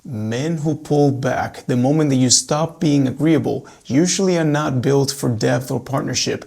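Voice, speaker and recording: Man, relationship coach, gravelly voice, medium pitch, calm measured delivery. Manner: calm, measured, addressing women viewers directly. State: recently recovered from losing his voice. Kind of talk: direct-to-camera advice talk.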